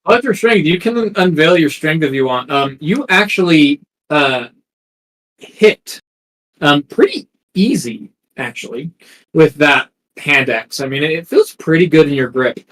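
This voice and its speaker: A man's voice: on the high side, animated, measured pace, fairly bright tone, low-quality recording. A man narrating a tabletop game as game master, hesitant and full of ums and restarts.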